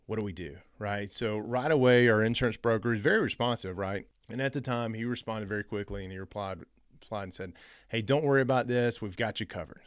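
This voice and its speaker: A man's voice: fairly low pitch, a little fast, clean tone, no echo. Man, casual storytelling, re-enacts calls, resonant voice, dry recording. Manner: animated, re-enacts phone calls in quoted voices. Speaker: real estate investing host.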